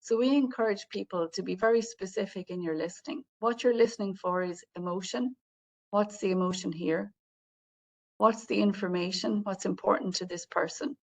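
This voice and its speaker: Woman with a gravelly voice. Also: mid-range voice, moderate pace, a little mellow. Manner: friendly, explanatory, speaks straight to participants. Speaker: webinar presenter on healthcare communication. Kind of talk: online training lecture.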